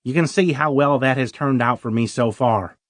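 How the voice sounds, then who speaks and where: A man's voice: medium pitch, moderate pace, no echo, clean studio sound. A man narrating a first-person audiobook story in a wry, self-deprecating way.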